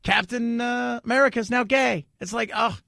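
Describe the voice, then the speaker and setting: A male talk radio host riffs in a chatty, joking way. His voice sits high and has a gravelly edge, caught close on a dry studio mic. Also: moderate pace, sharp tone, dry recording. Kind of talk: casual opinionated talk radio.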